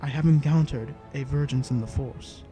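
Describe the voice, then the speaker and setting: A man voicing a calm, steady older male warrior-monk who speaks in a grave, measured, respectful way. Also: mid-range voice, faint music behind, close to an everyday voice. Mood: earnest.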